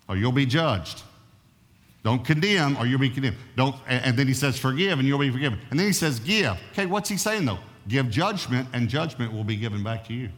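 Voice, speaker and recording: A male pastor delivering a sermon, emphatic and checking in with his congregation. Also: medium pitch. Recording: long reverb of a large hall.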